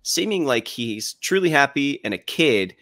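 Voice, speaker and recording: A man's voice: mid-range voice, sing-song, unhurried, fairly bright tone, no room sound, studio quality. A man co-hosting a podcast, thoughtfully recapping scenes at length in casual chat. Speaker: podcast co-host.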